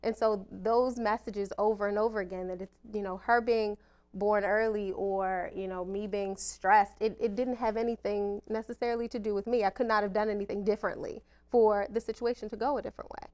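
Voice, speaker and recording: Thirties social worker lady, candid and reflective, even middle pitch. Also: brisk. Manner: candid, reflective, laughs at herself. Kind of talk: personal interview talk.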